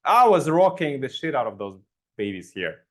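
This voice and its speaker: Excitable man hosting. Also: mid-range voice, normal speed. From Ukraine. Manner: excitable, swears freely, repeats himself. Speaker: podcast host. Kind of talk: casual chat.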